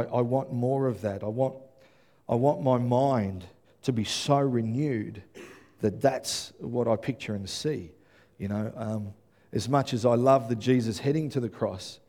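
A man preaching a sermon, earnest and repeating himself, building to emphatic high peaks. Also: mellow.

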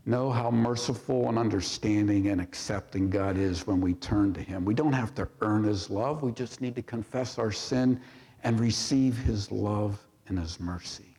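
A man's voice: fairly low pitch, moderate pace, mellow. A male pastor preaching a sermon, reading scripture aloud and commenting on it with rhetorical questions to the congregation. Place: church sanctuary. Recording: long reverb of a church sanctuary.

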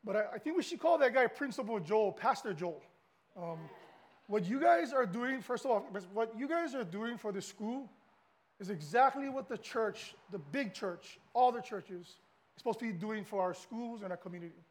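A man's voice: high voice, expressive, moderate pace. A middle-aged man from Hawaii with a Hawaiian accent, a guest pastor giving a casual, chatty sermon to the congregation.

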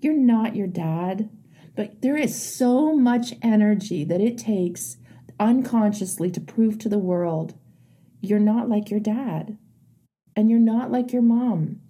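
A woman's voice: medium pitch, slow, warm tone, slightly rough. A woman coach leading a live group session, directing and encouraging a participant.

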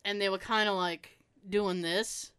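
A woman chatting casually, telling an animated story, laughing often and acting out the people she quotes. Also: mid-range voice, a little slow, clean tone.

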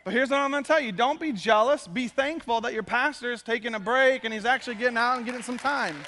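A man, a pastor, giving a conversational and animated sermon to his congregation. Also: very high-pitched, in a large hall, a little hiss or hum. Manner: conversational, animated preaching with quick asides. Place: church sanctuary.

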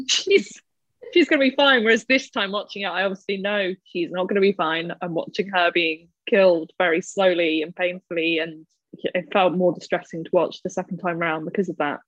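A woman talking through a film in a relaxed, animated way, laughing as she mimics characters. Her voice sits mid-range, and the recording sounds muffled and dry, close to the mic in a small space. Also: lowish voice, brisk, no echo. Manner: animated, laughs and acts out quoted lines. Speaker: podcast co-host discussing a film. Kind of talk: casual chat.

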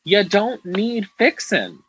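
A man's voice: high-pitched, big pitch swings, slow, a bit bright, slight background noise, rough recording. A man co-hosting a podcast, speaking earnestly to the listeners with frequent restarts. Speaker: podcast co-host. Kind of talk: casual podcast chat.

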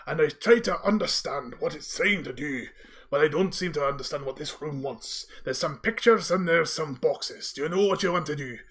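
A man voicing a talking magic mouth whose prim, motherly voice wanders between pitches. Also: normal speed, fairly bright tone, close to an everyday voice. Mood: fussy.

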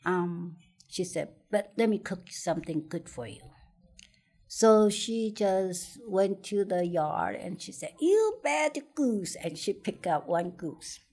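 A middle-aged woman with a lowish voice speaks slowly as she tells a story from her childhood. She hesitates, restarts her words and laughs often. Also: a little mellow. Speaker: interviewee. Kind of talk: personal storytelling in conversation.

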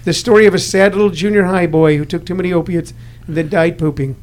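High-voiced rambling man host. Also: fairly even intonation, fast talker, darkish tone. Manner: rambling, restarts, tells jokey anecdotes. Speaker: podcast host. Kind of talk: casual interview chat.

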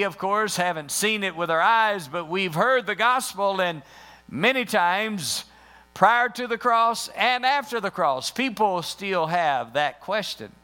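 A man preaching a sermon in a high, bright voice. He takes his time, reading scripture and repeating key phrases. A low mains hum sits under the recording. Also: clear, resonant tone. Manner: reads and repeats scripture verses slowly.

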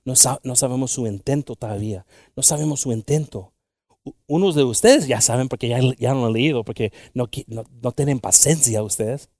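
A man's voice: medium pitch, fast talker, a little mellow, dry recording. A man preaching a bilingual sermon, switching between Spanish and English with joking asides.

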